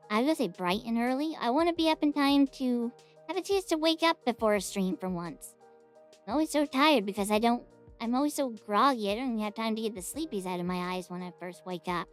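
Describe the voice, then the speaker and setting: A chatty woman rambles casually through the end of a reaction video, her voice set fairly high. She giggles easily as she talks, and soft music plays faintly behind her.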